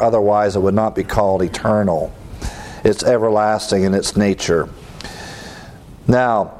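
A man's voice: on the low side, a little mellow. A middle-aged man teaching a class in sermon style, earnest and emphatic, repeating his key phrases.

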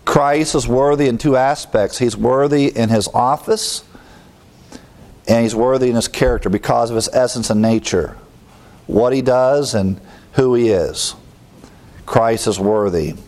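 A man teaching a Bible study verse by verse, with asides and quick jokes. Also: mid-range voice, darkish tone.

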